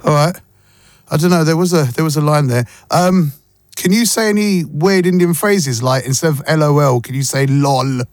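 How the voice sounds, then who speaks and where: A man with a London accent hosting a radio show, chatting casually and playfully, quick to laugh. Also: on the high side, dry recording. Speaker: radio host. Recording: dry studio with faint music.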